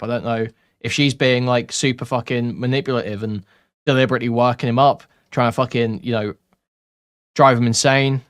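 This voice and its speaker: Man, mid pitch, dry close sound, casual profane commentary reader. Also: clean tone, no room sound. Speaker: commentary youtuber. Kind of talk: reading and reacting to messages.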